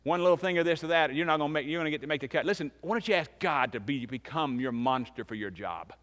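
A man in his fifties preaching a sermon as pastor, emphatic, swinging between loud and hushed. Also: fairly high pitch, lively intonation, fast. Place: church sanctuary. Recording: long reverb of a large church hall.

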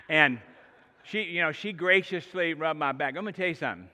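A middle-aged male pastor preaching with a bright, forceful voice set a little high for a man. He tells his stories in an animated way, speeding up and slowing down. The sound carries the long reverb of a large church hall. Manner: animated storytelling, shifting pace and loudness. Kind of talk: sermon.

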